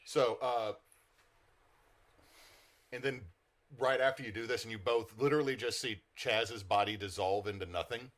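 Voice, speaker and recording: A man's voice: mid-range voice, moderate pace, pauses often. A man narrating as game master of a tabletop horror game, explaining rules and describing scenes in a casual way.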